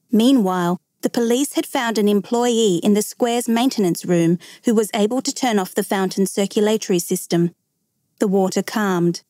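A woman reading a true story aloud in a measured way, slowing down at the dramatic moments. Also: mid-range voice, mellow, dry recording, clean studio sound. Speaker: narrator.

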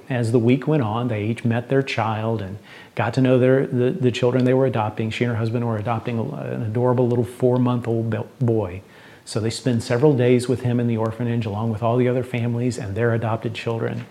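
A man's voice: medium pitch, mellow. A middle-aged man, a pastor telling a story in a conversational sermon and leading a closing prayer.

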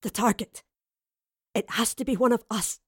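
A woman's voice: on the high side, fairly even intonation, dry recording. A stern female commander lies dying, her voice strained and gasping, each phrase forced out between breaths, as a woman reader plays her. It sounds like an audio drama reading. The sound is close and dry, with no room around it. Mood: strained, urgent. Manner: halting, breathy, urgent.

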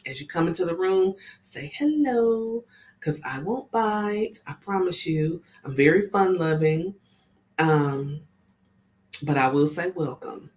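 A woman's voice: deep voice, darkish tone. A woman reading oracle cards in a casual live session, chatty and often checking in with her listeners. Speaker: spiritual oracle card reader. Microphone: camera on tripod with ring light.

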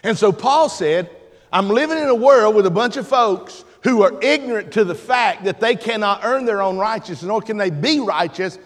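A man preaching in a church sanctuary, his voice pitched very high for a man. He swings from hushed explanation to shouted, stretched-out lines, and a long reverb trails every phrase. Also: animated. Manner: builds from quiet teaching to shouted preaching with long drawn-out phrases. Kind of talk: sermon.

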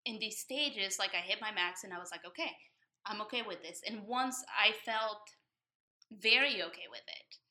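A woman who moved to the United States as a teen, candidly telling a personal story in casual conversation, growing animated and rising high when excited. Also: moderate pace. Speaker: guest sharing her story.

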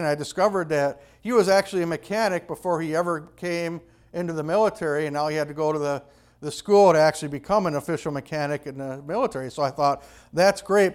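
A man preaching in a high, smooth voice, telling a personal story to his listeners. His delivery is animated and conversational, full of restarts and asides. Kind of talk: storytelling sermon.

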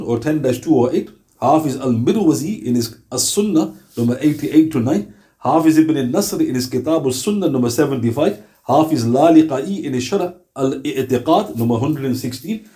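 A man's voice: fairly high pitch, dark tone. A man giving a religious lesson, posing rhetorical questions and reeling off lists of references. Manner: emphatic, rhetorical questions, rapid citation lists. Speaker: Islamic teacher.

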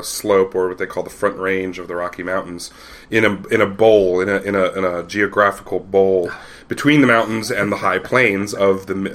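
A man with a fairly low voice hosts a relaxed podcast conversation. He wanders through his points with plenty of fillers and false starts, as if he is thinking out loud. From Colorado and Ohio, USA. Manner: rambling, lots of fillers and restarts. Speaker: podcast host. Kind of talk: casual chat.

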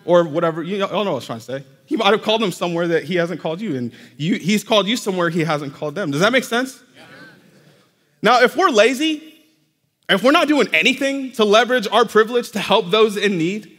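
A man preaches from the pulpit, and his voice sits fairly high. He talks to the congregation in a conversational way, checking in with them as he goes. Long reverb from the church hall trails after his words. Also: lively intonation, a little fast, fairly bright tone. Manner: conversational, addresses congregation directly. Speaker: pastor. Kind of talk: sermon. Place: church sanctuary.

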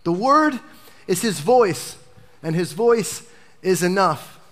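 Animated male pastor preaching a sermon. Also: high voice, takes it slowly. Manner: animated preaching, dropping to a hush for emphasis.

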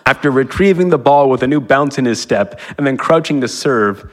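A man's voice: mid-range voice, lively intonation, normal speed, long reverb tail. A man reading his own comic fiction aloud to a live audience, breaking off with wry asides.

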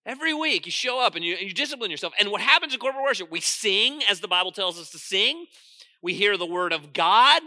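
A man preaching a sermon as pastor, stressing points loudly, dropping into quiet asides and asking the congregation questions. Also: high voice, animated, fast talker, no room sound, clean studio sound.

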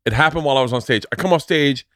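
A man's voice: mid-range voice, very fast, dry recording, studio quality. A man hosting a podcast, telling stories in a casual comedic way, swearing often and acting out the people he quotes. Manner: animated, profane, acts out quoted voices. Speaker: podcast host.

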